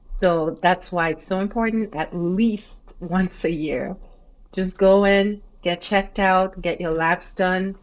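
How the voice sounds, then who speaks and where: A woman's voice: fairly low pitch, steady tone, slow pace, muffled recording. A woman physician, a guest on a podcast, explaining cases earnestly in a conversational way. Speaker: family medicine physician, guest. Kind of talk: conversational interview.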